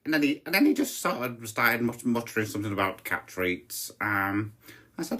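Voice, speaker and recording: A woman hosting a podcast, telling a comic, mock-pompous story in a deadpan way from her podcast studio. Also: extremely low pitch, moderate pace, husky. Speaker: podcast host. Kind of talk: comic monologue.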